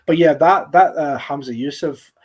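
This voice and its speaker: A man's voice: fairly high pitch, normal speed, muffled recording. Rambling male streaming host. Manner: rambling, with frequent restarts and laughter. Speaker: host of a live-streamed talk show. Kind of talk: casual chat. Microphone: streaming setup microphone.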